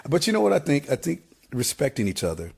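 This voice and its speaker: A man in his fifties, a band singer, chatting casually in an interview, relaxed, halting with fillers and often laughing. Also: fairly high pitch, gravelly, breathy edge. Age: 50s.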